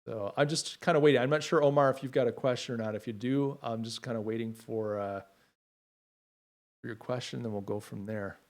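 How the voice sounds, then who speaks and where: A middle-aged man hosting a casual livestream who talks with heartfelt emotion, halting often with fillers. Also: mid-range voice, fairly even intonation. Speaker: livestream host.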